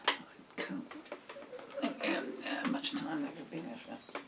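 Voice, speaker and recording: A man's voice: measured pace, distant mic, heavy background noise. A middle-aged man, a songwriter, talking to himself in a casual, rambling and digressive way while working at a table at home. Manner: musing, digressive, talks to himself.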